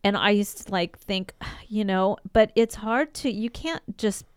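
Chatty woman host, very clear voice. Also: mid-range voice, measured pace, no room sound, studio quality. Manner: chatty, many fillers, warm interjections. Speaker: talk show host. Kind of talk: casual interview chat.

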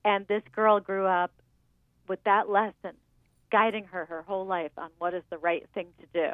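A woman calls in to a radio show and tells stories in a calm, measured way. Her voice comes through a tinny phone line. The sound is dry, with no room echo. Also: mid-range voice. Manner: measured storytelling. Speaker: book editor guest on the phone. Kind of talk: phone-in interview. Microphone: telephone.

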